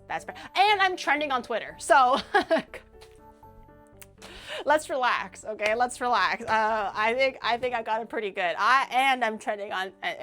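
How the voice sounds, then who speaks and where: A woman VTuber with a medium-pitched voice chats casually and animatedly on stream from a home mic setup, joking at her own expense and laughing often.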